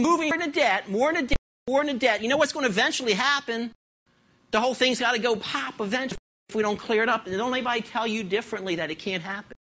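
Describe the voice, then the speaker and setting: A middle-aged pastor preaching a sermon, asking the congregation rhetorical questions and swinging between loud declarations and quiet asides. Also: medium pitch.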